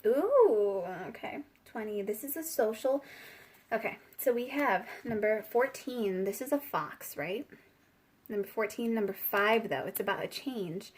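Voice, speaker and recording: Woman tarot reader, young adult, fairly high voice, loose rambling delivery with frequent giggles. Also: animated, measured pace, breathy edge. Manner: rambling, giggly, chatty with many fillers. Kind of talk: casual spiritual tarot reading.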